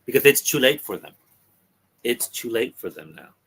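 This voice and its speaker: A man on a talk podcast casually retelling a comic's story, halting with ums and restarts. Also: mid-range voice, lively intonation, a bit bright, slightly rough. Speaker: podcast co-host discussing comics.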